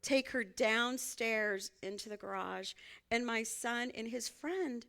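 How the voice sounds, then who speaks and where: Bright, lively woman preaching. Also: on the high side, slow, creaky. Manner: conversational, folksy, laughs often. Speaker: minister. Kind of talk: sermon.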